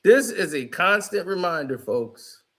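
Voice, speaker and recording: High bright voiced dude mocking a clip, slow and drawn out, lots of ups and downs. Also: male voice, very animated. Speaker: online commentator reacting to a clip. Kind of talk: reaction commentary.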